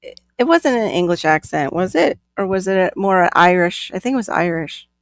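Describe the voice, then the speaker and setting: A woman's voice: on the low side, animated, moderate pace, dry recording. Giggly chatty woman, dry close sound. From Florida, USA. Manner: giggly, chatty, laughs often. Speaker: channel host. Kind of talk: casual livestream chat.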